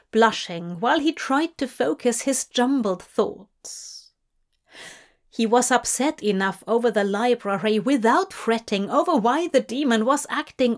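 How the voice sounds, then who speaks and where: A woman narrating a fan story as an audiobook in slow, measured reading. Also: fairly high pitch. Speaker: fanfiction reader.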